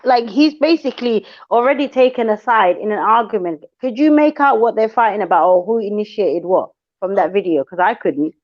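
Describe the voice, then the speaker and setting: Woman cohosting a stream, calm and skeptical, keeps asking questions, a bit muffled sound. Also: medium pitch, brisk, hardly any pauses. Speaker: live stream co-host. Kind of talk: reactive live chat.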